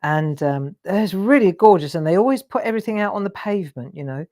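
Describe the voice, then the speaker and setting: Chatty English woman, lively storytelling. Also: lowish voice, a little fast. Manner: laughs often, rambling anecdotes. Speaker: host of a live crafting show. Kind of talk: chatty storytelling while crafting.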